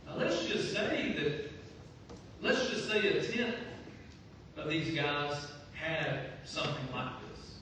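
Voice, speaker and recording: Male pastor, high voice, lively storytelling sermon; distant mic in a reverberant church hall with background noise. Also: slow pace. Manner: lively storytelling with repeated phrases. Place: church sanctuary. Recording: echoey hall from far off, noisy.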